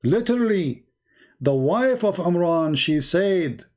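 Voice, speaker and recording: A man's voice: sits high, expressive, slow, darkish tone. Insistent man in a heated debate. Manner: insistent, repeats phrases. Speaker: debate show host.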